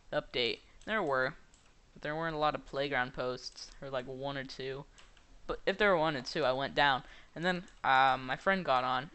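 Rambling young man, bright crisp voice. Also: medium pitch. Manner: rambling, hesitant, many fillers. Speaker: gaming YouTuber. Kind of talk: casual gameplay commentary.

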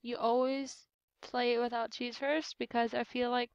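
A tired young woman giving hushed, rambling, offhand commentary while playing a game at home. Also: on the high side, little pitch movement, moderate pace, vocal fry, clean tone, no room sound, lo-fi sound. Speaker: gameplay narrator. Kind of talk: casual let's-play commentary. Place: home room with roommates nearby.

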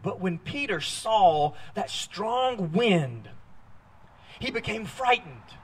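A man preaching a sermon as a pastor, telling a Bible story with lively, acted-out quoted lines. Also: sits high, takes it slowly, breathy edge. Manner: animated storytelling, acting out quoted voices. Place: church sanctuary.

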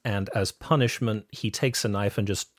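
A man co-hosting a movie podcast, retelling scenes in a dry, measured and amused way. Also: on the low side, fairly even intonation, no echo. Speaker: podcast co-host. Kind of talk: casual movie review chat.

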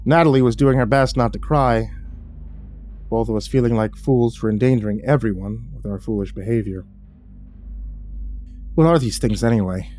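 A man narrating a horror story in a steady, low-key storytelling manner. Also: a little fast. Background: faint music.

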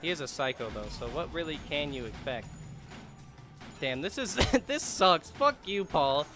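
A bright, lively man talks his way through a video game, his pitch jumping up and down as he reacts to everything. He swears freely and taunts the characters on screen. Faint game music plays under his voice. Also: measured pace. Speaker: gaming YouTuber. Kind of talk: let's play commentary.

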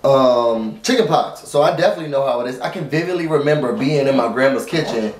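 A man's voice: mid-range voice, lively intonation, quick pace, echoey room, noisy background. A man casually recapping a TV episode at home. He talks informally to his viewers and rambles, with lots of fillers and restarts. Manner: informal, addresses viewers as y'all. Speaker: TV recap vlogger. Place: at home, dog nearby.

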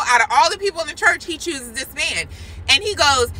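A woman vlogger casually telling her faith testimony, animated and speaking straight to her viewers. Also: high voice, brisk, poor audio. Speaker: Christian vlogger sharing a prophetic word.

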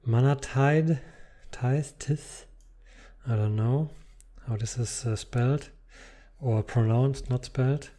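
A man's voice: mid-range voice, measured pace, mellow. A man casually commenting while unboxing trading cards, reading card text aloud between muttered asides.

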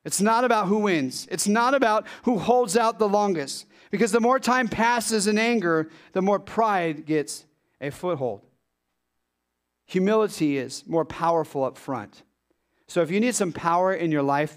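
A male pastor preaching a sermon in an animated way, with rhetorical questions and sudden drops into low, quiet emphasis.

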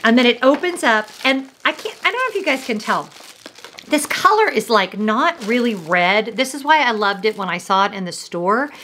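A woman's voice: on the high side, animated, moderate pace, sharp tone, slight background noise. Gushing middle-aged American woman vlogger. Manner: gushing, emotional, addresses viewers. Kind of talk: gift unboxing vlog.

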